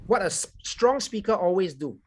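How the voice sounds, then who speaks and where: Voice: medium pitch, lively intonation, moderate pace. A speaker with a Singaporean accent giving a language evaluation on a video call and correcting grammar and pronunciation. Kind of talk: club speech evaluation.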